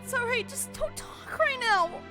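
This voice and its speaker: A woman's voice: very high voice, expressive, a little slow, voice pushed up. A woman voicing a desperate young daughter who pleads tearfully. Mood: pleading. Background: game music.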